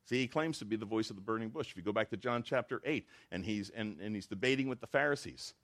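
Lively preaching man, fairly low voice. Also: fast talker. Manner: animated, acts out quoted dialogue. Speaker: pastor. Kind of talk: sermon. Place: church.

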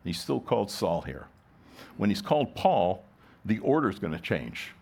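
A man's voice: fairly low pitch, big pitch swings, unhurried, gravelly, darkish tone. A middle-aged man, a pastor, preaching a sermon in a conversational way, full of rhetorical questions and restarts.

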